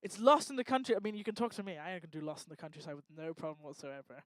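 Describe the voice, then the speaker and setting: A woman doing lively, teasing crowd work on a live talk stage, speaking into a handheld microphone. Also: deep voice, no room sound. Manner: energetic, teasing, bossy and quick to joke. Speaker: stage performer working the crowd.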